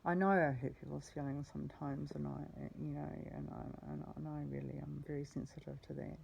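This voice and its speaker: A woman recounting her week in a rambling, self-correcting way, swearing now and then. Her voice sits low and flat, with a gravelly, mellow tone. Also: a little fast, highs cut off, slight background noise. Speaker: vlogger. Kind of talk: rambling personal storytelling.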